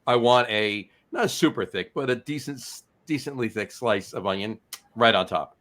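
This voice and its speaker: A man's voice: medium pitch, normal speed, a bit bright. A man co-hosting a casual podcast, chatty, often repeating words as he gathers his thoughts. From New Jersey. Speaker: podcast co-host. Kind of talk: casual chat.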